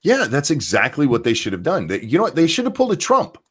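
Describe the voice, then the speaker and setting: A man's voice: a little high, wildly swooping pitch, quick pace, slightly rough. A man hosting a podcast, talking in a casual, profane, rambling way about the news. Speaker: podcast host. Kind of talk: casual opinion chat.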